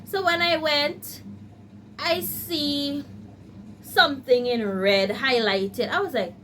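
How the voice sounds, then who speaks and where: A woman with a high, bright-pitched voice chats animatedly to her viewers. She tells a story from her studies in a casual vlog manner and slips into acted-out quotes of her own panic. Her talk is direct and personal, with a faint hum of ambience behind her. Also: steady tone, takes it slowly. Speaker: law student vlogger.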